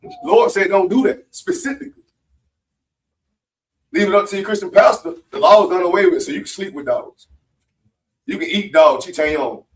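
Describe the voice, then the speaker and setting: A man exhorting a religious group in a forceful, profane manner, repeating lines for emphasis. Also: sits high, normal speed, pauses often. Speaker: member speaking at a religious meeting. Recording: mic far off.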